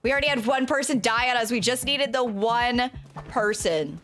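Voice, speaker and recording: A woman's voice: on the high side, moderate pace. Chatty young woman streaming a game. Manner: chatty, swears, sudden shouts. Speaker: vtuber streamer. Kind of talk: casual gameplay commentary.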